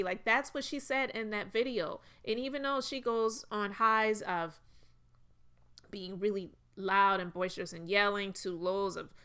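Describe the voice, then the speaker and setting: A woman's voice: mid-range voice, sharp tone, smooth. A woman giving a casual commentary monologue, talking in an earnest, emotional and personal way.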